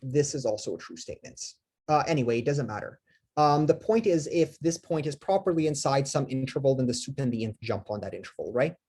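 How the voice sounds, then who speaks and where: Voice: mid-range voice, animated, fairly quick, a little mellow, breathy edge. A lecturer giving a live math lecture, talking with many fillers, restarts and self-corrections, and asking the class questions.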